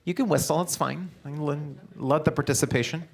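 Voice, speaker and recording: A man presenting a live business seminar, coaching the audience directly and often asking quick check-in questions. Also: on the high side, creaky. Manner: direct, coaching, upbeat delivery. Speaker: real estate seminar presenter.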